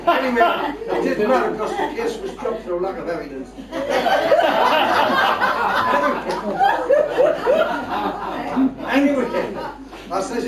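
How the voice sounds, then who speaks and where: On stage in front of a live audience, a high-voiced older stand-up with a Geordie accent wanders through comic tall tales, chatty and broad in his northern lilt. The echoey, distant recording includes bursts of crowd laughter.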